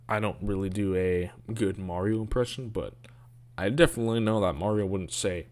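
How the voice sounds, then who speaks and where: A man's voice: on the low side, normal speed, darkish tone, no echo, clean studio sound. A man giving casual, rambling commentary on a video, sarcastic and grumbling, with mocking asides.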